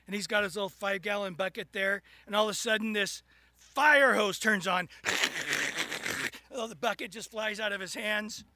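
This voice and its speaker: A man preaching a sermon, animated, acting out little scenes and rising into sudden loud bursts. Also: high voice, brisk, slight background noise. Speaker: pastor.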